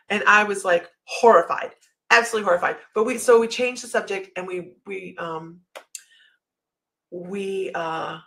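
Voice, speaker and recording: A woman's voice: medium pitch, steady tone, moderate pace, fairly bright tone, low-quality recording. A woman with a slight Southern American accent hosting a livestream, chatting casually and telling a story with lots of asides. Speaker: psychic livestream host.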